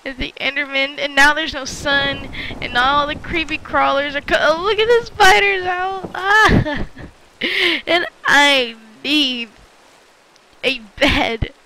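High bright-voiced woman gamer. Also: slow, a little hiss or hum, low-quality recording. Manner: chatty, talks to viewers, frequent exclamations. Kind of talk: let's-play commentary.

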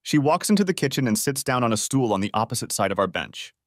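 A man reading a first-person story as an audiobook narrator, in a calm, steady telling with lively intonation. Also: medium pitch, quick pace, no room sound, studio quality.

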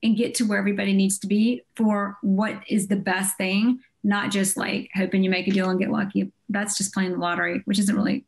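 A woman's voice: medium pitch, flat delivery, a little fast, vocal fry, hardly any pauses. A woman hosting a podcast interview, emphatic and blunt as she sums up her guest's points. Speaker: podcast host.

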